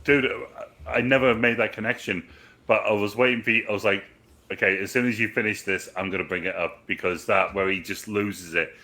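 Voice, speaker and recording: A man co-hosting a movie review show, chatting casually and jumping in eagerly with quick remarks. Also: on the low side, steady tone, sharp tone. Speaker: movie review podcast co-host. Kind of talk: casual chat.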